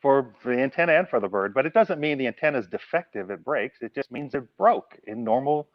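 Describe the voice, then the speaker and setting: A man's voice: mid-range voice, fast talker, no echo, dull audio. A man guest, chatting casually about antennas and telling stories with lots of voice play. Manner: animated storyteller acting out phone calls. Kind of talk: casual chat, storytelling.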